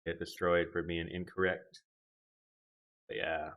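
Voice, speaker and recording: A young man with a deep voice that has a bright, forceful edge, rambling through a casual live stream from his home gaming setup. He talks into a desk mic and drifts from one viewer comment to the next. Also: level tone, measured pace. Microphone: desk microphone.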